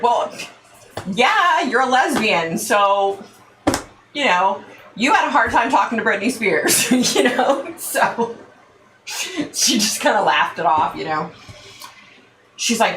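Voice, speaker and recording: A woman's voice: medium pitch, measured pace, pauses often, a little hiss or hum. A middle-aged woman hosting her own show, telling a casual story with lots of laughter and acted-out quotes. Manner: animated, laughing often, acts out quotes. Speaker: psychic show host. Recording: echoey room.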